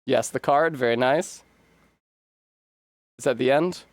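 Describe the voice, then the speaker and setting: Here a man with a Rhode Island accent talks slowly at medium pitch against a noisy background. It's casual gaming livestream chat, and he's wordy and articulate. He mocks himself along the way.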